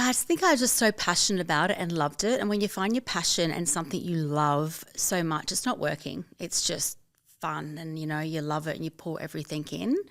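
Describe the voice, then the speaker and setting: A woman with an Australian accent, a business founder telling her story as a guest in a casual interview, upbeat and chatty. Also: on the low side. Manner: upbeat, chatty, quotes herself and others. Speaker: guest, fashion label founder.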